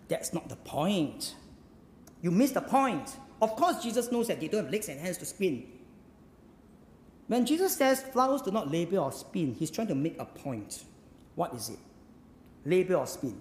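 In an echoey hall with a faint ambient backdrop and a little hiss or hum, a Singaporean-accented preacher with a high voice speaks at a moderate pace, leaving long pauses. He is animated, peppering the congregation with rhetorical questions.

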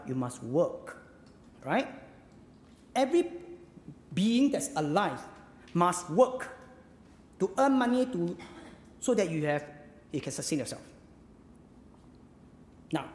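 A preacher, delivering a sermon with emphatic rhetorical questions and sudden drops to a hushed voice. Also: mid-range voice. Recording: echoey hall with long reverb.

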